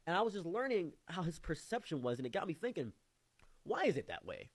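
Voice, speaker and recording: A young man from Africa with a Midwestern American accent, telling an animated story to camera. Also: fast, no room sound. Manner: animated, jumping high when acting out surprise. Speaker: vlogger.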